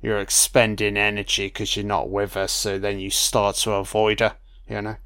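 A man's voice: lowish voice, monotone, moderate pace, sharp tone, clear, resonant tone, no room sound, clean studio sound. A man giving a casual, profane running commentary on a film, joking and rambling with "you know?" asides. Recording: audio-only commentary.

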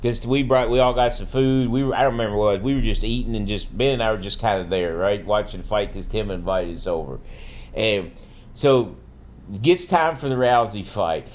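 A man's voice: lowish voice, brisk. A middle-aged man, a podcast guest, telling stories in a casual chat and acting out his friends. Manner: animated storyteller, mimics loud friends.

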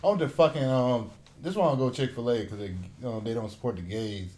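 A man in casual group chat, telling jokey stories in an animated way. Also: mid-range voice, brisk.

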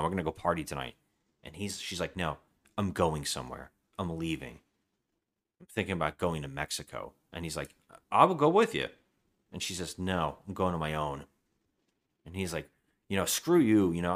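A man's voice: low voice, fairly bright tone. A man co-hosting a casual podcast, retelling a film's scenes and acting out the characters' lines as he goes. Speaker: podcast co-host. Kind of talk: casual movie-review chat.

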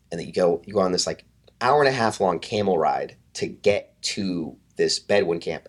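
Guy with a really deep voice, fitness coach type, chatting on a podcast, swears a lot, hushes his voice for quotes. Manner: animated, profane, acts out quotes in hushed voices. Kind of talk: casual storytelling in a podcast interview.

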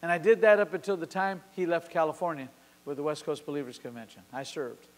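A man in his sixties preaching a sermon at a church service. He tells a story with passion, swinging from sudden loud peaks to quiet drops. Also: fairly high pitch, steady tone, quick pace. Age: 60s. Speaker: pastor. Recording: long hall reverb.

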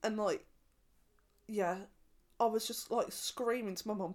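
A woman's voice: medium pitch, steady tone, measured pace. A young woman in casual chat, rambling through stories and laughing often.

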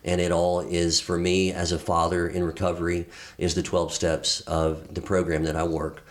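A middle-aged man speaks as a podcast guest in a deep, low-pitched voice. He tells his story candidly and earnestly. He halts often, restarting his sentences and filling the gaps with fillers. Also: monotone, moderate pace.

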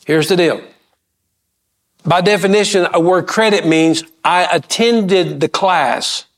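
A middle-aged pastor preaches with a fairly high, lifting voice. He pushes his points with rising emphasis and quick questions to the pews. Folksy asides and repeated words run through his talk. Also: a bit bright. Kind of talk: sermon.

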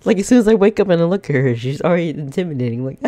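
Lively, animated man on a podcast. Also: fairly high pitch, racing, crowd noise. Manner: animated, laughing, playful retelling. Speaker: podcast co-host. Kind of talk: casual chat.

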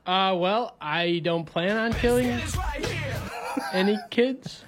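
High-voiced, hesitant guest comedian man. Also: slow, over music. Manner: hesitant, dry, understated answers. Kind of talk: casual podcast chat.

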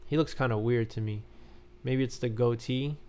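A man's voice: medium pitch, fairly even intonation, moderate pace, mellow. A man talking casually and rambling as a podcast host, full of fillers and loose asides. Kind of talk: casual wrestling commentary.

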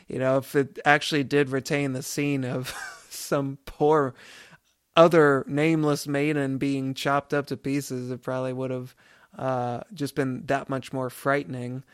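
A man's voice: mid-range voice, steady tone, a little slow, clear, resonant tone, no room sound, studio quality. A man in his thirties co-hosting a podcast, chatting casually with lots of fillers and laughs. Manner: rambling, laughs often, many fillers. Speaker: podcast co-host. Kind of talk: casual chat.

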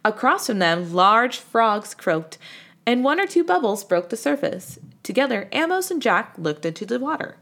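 A woman reading a children's storybook aloud with an expressive delivery. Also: on the high side, moderate pace. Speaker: reader.

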